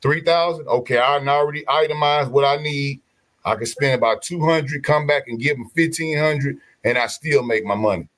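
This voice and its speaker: A man telling stories in casual podcast chat, animated, slangy and profane. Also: medium pitch, normal speed.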